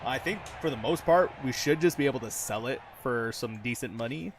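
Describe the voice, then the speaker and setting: A man's voice: mid-range voice, fairly quick, a little hiss or hum. Swearing man narrating his gameplay. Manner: chatty, swears freely, laughs often, calls viewers lads. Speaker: gaming channel host. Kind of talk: casual gameplay commentary.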